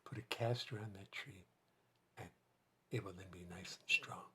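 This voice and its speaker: A man doing a whispered role-play of a calm, soft-spoken male TV painter, hushed and breathy. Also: low voice, normal speed, voice pushed down, full character voice. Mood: soothing.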